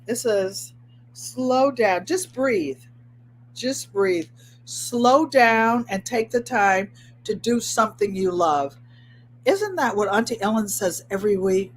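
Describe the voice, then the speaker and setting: Chatty and motivational, a woman hosts her craft channel's casual livestream indoors at home, speaking directly to viewers and repeating phrases for emphasis. Her mid-range voice is expressive and slow-paced, with slight background noise.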